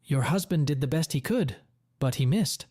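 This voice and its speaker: A man's voice: a little high, animated, normal speed, husky, dry recording, clean studio sound. A man reading as a blunt, angry father. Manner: blunt, forceful retorts. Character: angry middle-aged father, blunt and determined.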